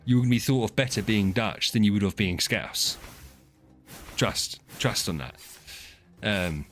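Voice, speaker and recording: A man's voice: lowish voice, expressive, measured pace, a bit bright. A chatty man, chatting casually as a streamer. He teases and rambles, often restarting his sentences. Faint music plays behind him. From southern England. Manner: chatty, teasing, frequent restarts and laughs. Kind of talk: casual chat with chat readers.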